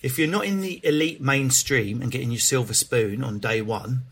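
A man's voice: medium pitch, normal speed, vocal fry, breathy edge. Frank, swearing Cockney man. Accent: London Cockney. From England. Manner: frank, animated, swears freely, lots of restarts. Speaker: stand-up comedian, guest. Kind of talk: candid interview chat.

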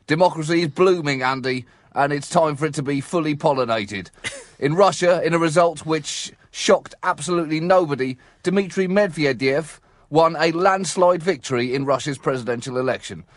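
A man's voice: fairly high pitch, moderate pace, no echo. A man co-hosting a comic news podcast, delivering jokes with dry, mock-solemn seriousness and breaking into laughs. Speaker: co-host.

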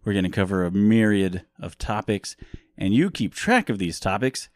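A man's voice: lowish voice, lively intonation, normal speed, no echo. A young man co-hosting a podcast in casual chat, rambling and laughing often. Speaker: podcast co-host.

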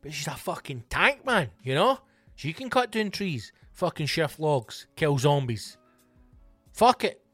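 A Scottish man hosting a solo comedy podcast, swearing a lot and ranting with loud, hyped energy. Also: on the high side, very animated, unhurried, no room sound, faint music behind. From Scotland. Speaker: podcast host.

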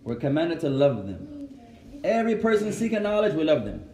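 Animated man teaching in an echoey room. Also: a little high, moderate pace. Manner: animated, switches between Arabic and English, asks the class questions. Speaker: Islamic teacher. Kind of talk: classroom religious lesson.

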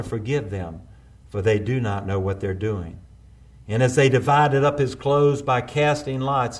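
A male preacher delivering a sermon, building intensity through repeated refrains and slowing down for quoted prayers. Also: on the high side.

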